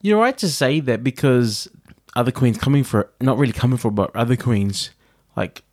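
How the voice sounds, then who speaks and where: A man co-hosting a podcast, chatting casually and animatedly, acting out what others said. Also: moderate pace. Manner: animated storyteller, acts out quotes with jumps in pitch. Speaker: podcast co-host. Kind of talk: casual chat.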